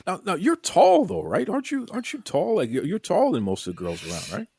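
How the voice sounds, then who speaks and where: A man with a Boston accent hosting a casual podcast interview, energetic and folksy, often repeating his words. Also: high-pitched, quick pace, creaky, slightly rough, dry recording. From Boston, USA. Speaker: podcast host.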